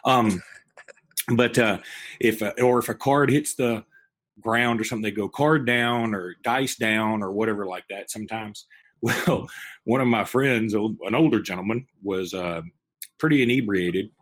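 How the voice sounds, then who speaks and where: A man's voice: on the low side, measured pace. A man, co-hosting a casual sports podcast from a hotel room, rambling with many restarts and laughs. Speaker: podcast co-host.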